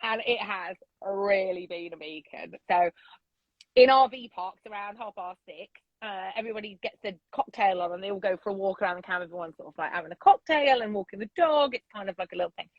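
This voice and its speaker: Loud, unapologetic woman. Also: mid-range voice, fairly quick, no echo, muffled recording. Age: middle-aged. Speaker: podcast guest. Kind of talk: casual interview chat. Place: vintage bus.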